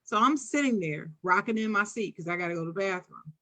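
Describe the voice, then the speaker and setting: Bright-voiced woman telling a story. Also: medium pitch, fast. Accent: Philadelphia. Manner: animated, acts out quoted voices. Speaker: podcast co-host. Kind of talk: casual storytelling chat.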